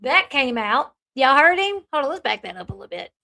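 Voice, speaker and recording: High-voiced woman giving blunt commentary. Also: very animated, fairly quick, gravelly, pushed and bright. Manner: blunt, sarcastic, chatty. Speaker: commentary channel host. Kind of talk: reaction commentary on played clips.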